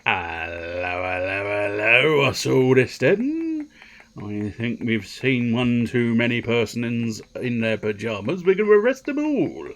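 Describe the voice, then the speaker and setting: A man voicing a pompous old-fashioned British police constable with a slow, mock-stern delivery. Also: mid-range voice, very animated, a bit bright, exaggerated voice.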